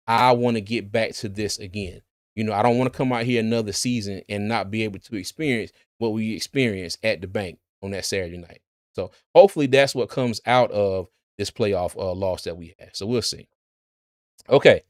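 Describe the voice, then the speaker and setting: A man's voice: mid-range voice, no echo, studio quality. A man who hosts a sports channel, giving casual livestream commentary, chatty, laughing often and repeating words.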